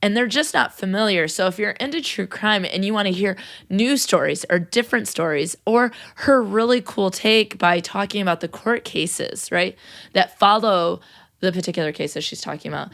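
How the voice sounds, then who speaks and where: A woman's voice: medium pitch, animated, moderate pace, gravelly, fairly bright tone. A young American woman hosting a podcast, gushing and laughing often as she thanks listeners in a casual chat. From United States. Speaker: podcast host. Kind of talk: casual podcast outro and shout-outs.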